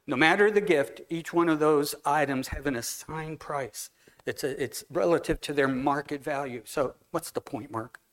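Guy preaching in a church, chatty and storytelling, voice sits a bit high. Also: normal speed, fairly bright tone. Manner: conversational, anecdotal, walks among the congregation. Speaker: guest preacher. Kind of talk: sermon. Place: church hall.

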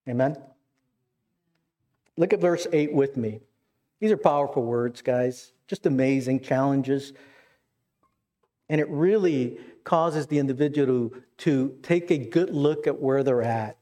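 A man's voice: mid-range voice, a little slow, pauses often, warm tone. A man preaching a sermon, earnest, with repeated words and questions to the congregation. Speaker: pastor.

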